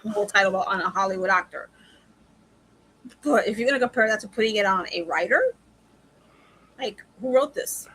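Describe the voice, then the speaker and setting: A woman co-hosting a casual wrestling chat show, animated and emphatic, quick to agree. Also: mid-range voice, breathy edge, rough recording. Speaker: podcast co-host.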